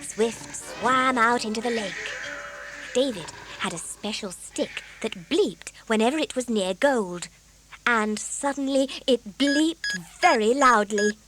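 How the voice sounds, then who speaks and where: A woman narrating a children's audiobook in a gentle, expressive storytelling manner. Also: fairly high pitch, takes it slowly. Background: soft background music.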